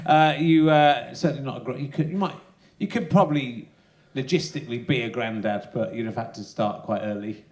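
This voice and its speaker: A man's voice: mid-range voice, a little fast, few pauses, a little mellow. A man hosting a comedy podcast interview, teasing his guest in a dry, laughing way. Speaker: podcast host. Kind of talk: casual interview chat.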